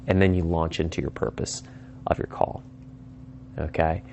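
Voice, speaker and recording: Low-voiced man teaching sales technique. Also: level tone, moderate pace, vocal fry, pauses often, darkish tone, a little hiss or hum. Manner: emphatic, acts out phone lines. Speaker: sales trainer. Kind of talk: instructional talk.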